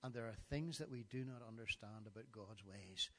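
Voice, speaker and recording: A middle-aged man delivers a sermon in a low, husky voice with a bright, forceful edge. He recites scripture passages with emphasis and sometimes stumbles into restarts mid-thought. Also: moderate pace. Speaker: preacher.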